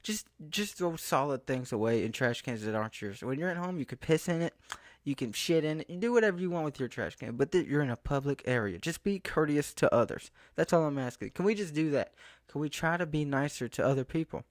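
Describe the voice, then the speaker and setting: A man's voice: a little high, expressive, brisk, no room sound. Exasperated rambling man, dry sound. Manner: rambling, exasperated, restarts and quoted asides. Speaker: vlogger. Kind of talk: casual ranting monologue. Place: outdoors in a town, then home.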